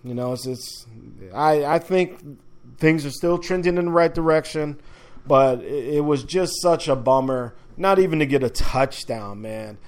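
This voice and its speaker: A man from the upper Midwest hosts a casual sports talk segment, chatting loosely with slang and fillers. His voice sits a little high for a man. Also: unhurried. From upper Midwest of the United States.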